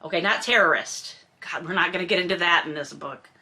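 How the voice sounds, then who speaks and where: Bright, sarcastic woman roasting a novel. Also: on the low side, brisk. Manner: sarcastic, mocking asides and exasperated rants. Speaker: host reading and commenting on a novel. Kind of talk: comedic book commentary.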